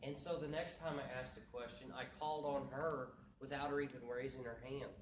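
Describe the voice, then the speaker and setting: A man's voice: medium pitch, steady tone, a little fast, slight background noise. A man giving a motivational talk, telling a story earnestly and acting out the voices of the people in it. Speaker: motivational speaker. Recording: echoey room from far off.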